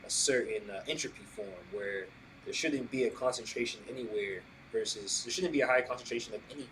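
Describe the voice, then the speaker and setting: A man in a loose podcast conversation, tossing out "bro" and "right?" as he builds his points. His voice sits at an ordinary middle pitch with a faint background hiss. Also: a little fast, low-quality recording. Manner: animated, says "bro" and "right?" often, asks questions. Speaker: podcast host. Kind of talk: casual podcast chat.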